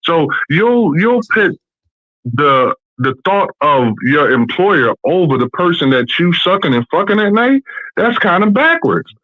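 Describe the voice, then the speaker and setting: A bluntly ranting man with a fairly high voice, swearing freely. The sound is dull and lo-fi, dry, like a call-in. He talks from a bathroom at home. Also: sing-song, a little slow, dry recording. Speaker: podcast guest. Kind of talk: casual opinionated chat.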